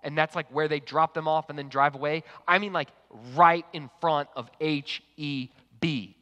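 A man preaching a sermon to an online congregation, telling a personal story in a lively, conversational way. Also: on the high side, moderate pace, smooth. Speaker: pastor. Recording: long hall reverb.

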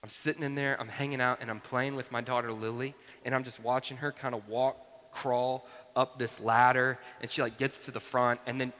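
A man's voice: mid-range voice, level tone, moderate pace, bright, forceful tone. A man in his thirties preaching a sermon, telling a family story in a conversational way with frequent asides. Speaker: pastor. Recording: long reverb from a large hall.

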